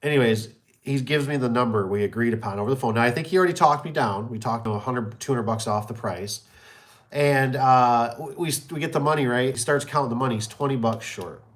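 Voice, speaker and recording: A man talks at an ordinary middle pitch, winding through a story about a customer. He repeats words and doubles back often, slipping into quick voices for the people he quotes. It sounds like easy, unscripted chat on a live stream. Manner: rambling, repeats himself, acts out quoted people. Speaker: small business owner hosting a live stream. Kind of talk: casual storytelling.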